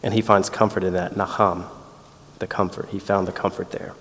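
A man's voice: deep voice, level tone, fairly quick, fairly bright tone, slight background noise. A man in his thirties preaching a sermon in a conversational way, telling family stories and acting out quotes. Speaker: pastor. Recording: long reverb in a hall.

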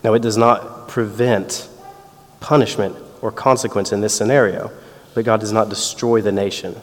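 A man's voice: on the low side, fairly even intonation, normal speed. A man in his thirties preaching a sermon in a conversational way, telling family stories and acting out quotes. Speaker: pastor. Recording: long reverb in a hall.

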